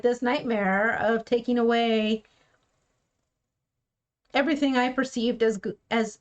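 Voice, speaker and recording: Slow, frank woman telling her story. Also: fairly high pitch, lo-fi sound. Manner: frank and plainspoken, acts out quoted speech. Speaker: keto vlogger. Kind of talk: personal storytelling.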